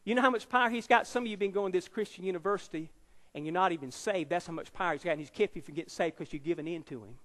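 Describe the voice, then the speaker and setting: A high-pitched male evangelist in his fifties preaches his testimony in a dramatic, emphatic storytelling way. His voice rings through a large auditorium with a long, trailing reverb. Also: rapid-fire, a bit bright. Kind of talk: testimony sermon.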